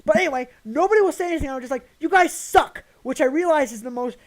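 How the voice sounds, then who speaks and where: A woman's voice: high voice, lively intonation, very fast, a little mellow, voice pushed up. A woman voicing a dramatic, hurt teenage girl, telling a story in a gushing, emphatic way. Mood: indignant. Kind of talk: voicing a visual novel character.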